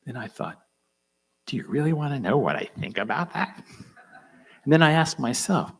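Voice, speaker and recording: Older male keynote storyteller, gravelly and husky, intense, slips into whispers. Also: mid-range voice, big pitch swings, moderate pace. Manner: intense, drops into hushed whispers for emphasis. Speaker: conference speaker.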